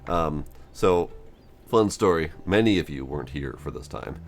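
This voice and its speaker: A man's voice: a bass voice, animated, moderate pace, vocal fry. A man casually commenting on a game he is playing, chatty and self-mocking, reading its text aloud. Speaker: gameplay streamer. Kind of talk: casual let's-play commentary.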